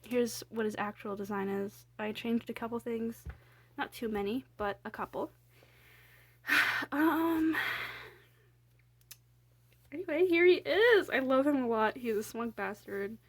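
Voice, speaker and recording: A young woman with a voice pitched a bit high talks through her sketches in a loose, rambling way. She fills pauses with ums and likes, puts her own drawings down, and swears casually. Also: slightly rough. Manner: chatty, filler-heavy, self-deprecating, swears casually. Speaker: artist showing her sketchbook.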